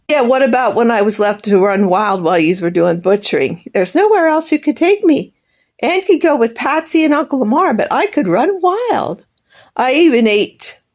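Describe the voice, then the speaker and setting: A woman's voice: on the high side, darkish tone. An older woman in a bitter, sarcastic personal monologue, airing grievances at her absent family. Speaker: vlogger.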